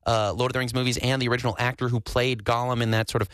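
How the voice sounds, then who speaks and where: A man's voice: mid-range voice, level tone, rapid-fire, fairly bright tone, clear, resonant tone, dry recording. A man hosting a morning radio show, chatting casually and laughing easily. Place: radio studio.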